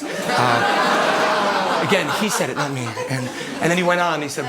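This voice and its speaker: A man telling a comic story on stage, animated and shouting his punchlines. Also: a little high, moderate pace, very noisy. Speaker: solo storyteller comedian. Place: theater stage, live audience. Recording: live show with loud audience laughter.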